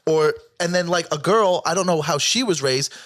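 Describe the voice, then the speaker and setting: A man's voice: fairly high pitch, moderate pace, a bit bright, no room sound, clean studio sound. A man who is a comedian guest on a podcast, telling rambling, profane stories in casual chat and often cutting himself off. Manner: rambling, profane, self-interrupting storytelling.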